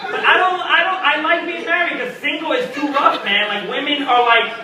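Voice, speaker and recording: A young man doing a stand-up comedy set, animated and acting out characters with sudden loud squawks. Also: very high voice, normal speed, a crowd in the background. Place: small comedy venue at a birthday party. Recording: echoey room, mic at a distance. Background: audience laughter.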